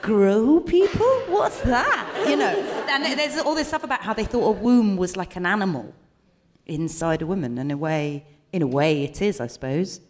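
A woman's voice: mid-range voice, expressive, normal speed, long reverb tail, some chatter behind. A woman co-hosting a live comedy podcast, musing playfully and thinking aloud. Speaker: podcast co-host.

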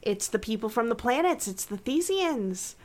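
A woman's voice: a little high, very animated, normal speed, a crowd in the background. A woman co-hosting a podcast, chatting casually as she retells an episode scene by scene. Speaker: podcast co-host. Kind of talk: casual chat recapping a TV episode.

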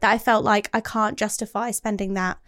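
A woman's voice: medium pitch, flat delivery, fairly quick, a bit bright. A woman hosting a podcast, chatting casually with her guest and dropping plenty of fillers. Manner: friendly, chatty, lots of "like". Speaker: podcast host.

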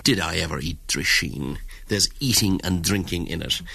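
A man's voice: sits low, moderate pace, gravelly, sharp tone, a little hiss or hum. A man narrating a documentary in a wry, ornate storytelling manner. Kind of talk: scripted narration.

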